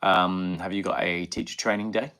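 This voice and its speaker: Speaking into a headphone mic from a small home alcove, a middle-aged man with a slight Birmingham accent hosts a laid-back live-stream chat for his channel. His deep voice is sharp and clean, with fairly even intonation and a moderate pace. He rambles as he reads viewer comments aloud, leaning on many fillers and ums.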